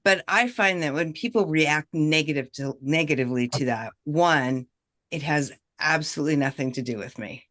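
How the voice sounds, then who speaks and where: A woman who works as a professional negotiator, a guest on a video-call chat, speaking in a measured, reflective way and checking in often with "right?". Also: low voice, a bit bright. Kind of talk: casual chat, giving advice.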